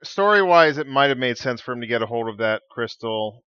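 A man's voice: mid-range voice, lively intonation, fairly quick, bright, forceful tone, smooth, no echo, lo-fi sound. A man on a podcast panel, telling a story in casual chat.

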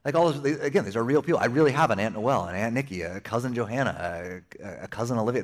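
This young pastor talks quickly in a mid-range voice. He keeps his sermon lively and conversational, tossing in playful side remarks.

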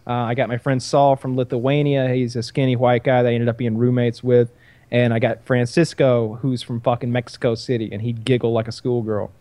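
A man's voice: medium pitch, flat delivery, fairly quick, warm tone, no echo. A man telling a long story in casual chat, profane and rambling. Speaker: podcast storyteller.

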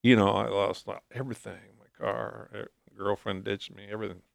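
A man guest in a talk show interview, telling a personal story in a halting, soft-spoken way. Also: on the low side, little pitch movement, no room sound, clean studio sound. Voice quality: gravelly.

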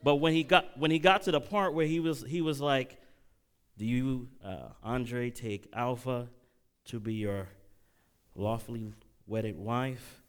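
A man's voice: mid-range voice, measured pace, clear, resonant tone. A middle-aged man preaching a sermon, telling a personal story and calling out questions to the congregation. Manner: animated preaching, audience call-outs, emotional storytelling. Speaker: pastor.

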